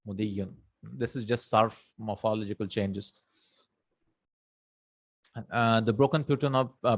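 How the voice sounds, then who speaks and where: A man teaching an Arabic grammar lesson in English, reciting verses and checking in with "right?" and "hmm?" as he explains. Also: mid-range voice. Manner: many fillers and self-corrections.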